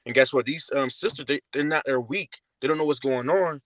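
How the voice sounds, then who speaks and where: A man's voice: mid-range voice, brisk, fairly bright tone, no room sound, low-quality recording. Slangy man, dry close sound. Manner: casual, slangy, ends lines with "man". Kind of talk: scripture teaching.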